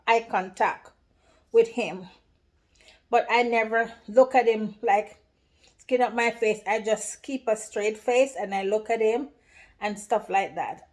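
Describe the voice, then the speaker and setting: A woman telling a personal story to her viewers in a casual vlog, lively and emotional, often saying "let me tell you". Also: fairly high pitch. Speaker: vlogger.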